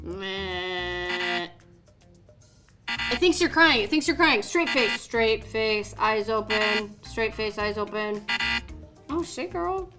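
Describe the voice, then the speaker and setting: A woman's voice: mid-range voice, animated, slow pace, over music. A woman playing games as a guest, coaching and commenting playfully. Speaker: guest co-player. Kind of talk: casual chat while playing games.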